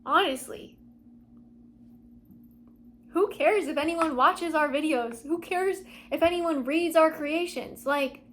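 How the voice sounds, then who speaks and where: A young woman with a high, light voice speaks to camera in a confessional vlog. She sits at home and muses in a dreamy, soul-searching way, drifting from hushed asides to bright, excited bursts. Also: takes it slowly, long pauses, a little hiss or hum. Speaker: vlogger. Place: at home, seated.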